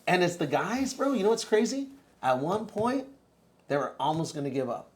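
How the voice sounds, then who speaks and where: A man in his thirties, a podcast guest, telling his own story in casual, animated talk and calling the host bro. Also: high voice, normal speed. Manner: animated, says bro a lot.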